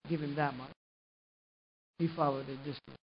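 A man preaching a sermon and retelling a gospel story, swinging from quiet narration up to loud, emphatic passages. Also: mid-range voice, steady tone, moderate pace. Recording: muffled lo-fi recording with faint hiss.

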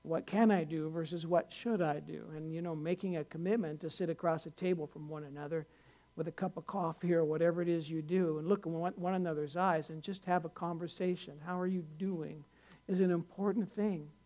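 A man's voice: fairly high pitch, steady tone, normal speed, dark tone. An older man, a pastor, preaching a conversational sermon in a folksy, rambling way, with many restarts, rising to earnest emphasis.

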